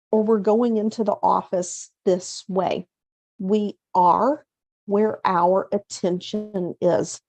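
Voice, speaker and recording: Woman host, middle-aged, warm mellow tone, dry close mic; chatty motivational coach who voices inner self-talk. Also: medium pitch, dry recording. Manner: conversational, acts out inner self-talk in quotes; slows down to stress key points. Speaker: hypnotherapist and coach, show host.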